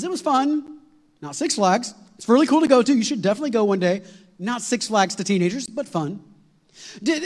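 A man preaching a sermon, telling a long story in an animated, rambling way with many fillers and restarts. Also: sits high. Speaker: pastor. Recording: long hall reverb.

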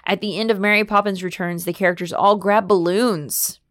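A woman's voice: mid-range voice, fairly even intonation, brisk, a bit bright, no echo, studio quality. A woman podcast host reading a fan theory aloud and chatting enthusiastically with her co-hosts.

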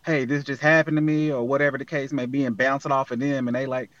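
A man's voice: mid-range voice, level tone, quick pace, fairly bright tone, dry recording, highs cut off. A man speaking as a guest in a casual interview, earnest and motivational, talking from the heart. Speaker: guest, app founder.

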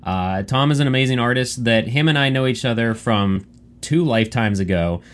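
A man's voice: mid-range voice, normal speed. A man hosting a casual podcast chat, rambling with stumbling restarts and the odd swear. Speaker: podcast host.

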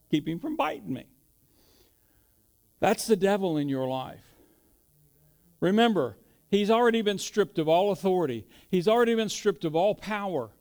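High-voiced man preaching a folksy sermon. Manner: folksy storytelling preacher, emphatic declarations. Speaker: pastor.

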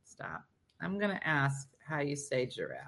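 A woman's voice: sits low, huge pitch swings, a little slow, vocal fry, crowd noise. A woman co-hosting a morning radio show, chatting casually, teasing her co-host and laughing often.

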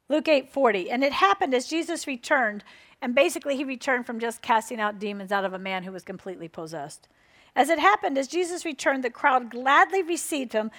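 A woman's voice: high voice, a bit bright. A woman preaching a sermon, emphatic and repeating her points while asking the crowd for an "Amen".

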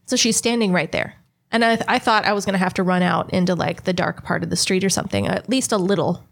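A woman's voice: fairly low pitch, steady tone, fast talker, vocal fry. Casual, swearing young woman telling a story. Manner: chatty, swears freely, acts out quoted voices. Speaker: podcast co-host.

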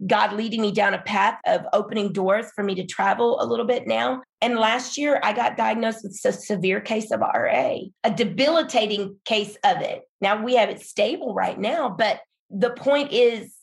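On a faith podcast, a middle-aged pastor's wife tells her story in a gravelly, medium-pitched voice at a moderate pace. She sounds earnest, emphatic, and encouraging.

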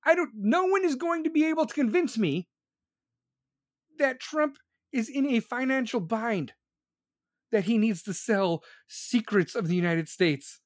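A political commentator rants heatedly on a live stream, swearing constantly and sneering sarcastically close to the mic. His voice is very high and animated, yet his pace stays measured, with no echo.

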